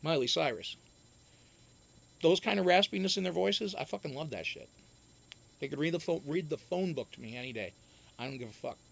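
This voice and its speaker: A man's voice: on the high side, lively intonation, fairly quick, creaky, pauses often, a bit bright. A man chatting casually on a live stream, reading viewer comments aloud and answering them in a rambling, profane way, with many restarts. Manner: reads and answers viewer chat.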